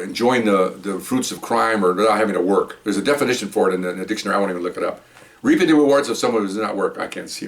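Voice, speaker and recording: An older man, a retired police officer, telling work stories in a rambling, digressive way, getting animated when he quotes people. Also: lowish voice, recorded from a distance. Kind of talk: casual storytelling monologue.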